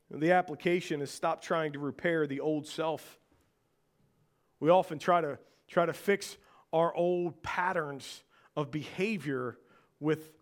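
High-voiced preaching pastor. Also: male voice. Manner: preaching with call-and-response questions and repeated phrases. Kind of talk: sermon.

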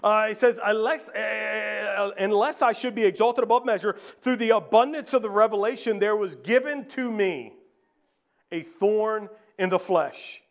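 Male preacher, very high-pitched; sermon delivery with scripture readings, loud-to-hushed swings. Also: unhurried, vocal fry. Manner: rhetorical questions, swings from raised to hushed; reads scripture aloud, repeats phrases.

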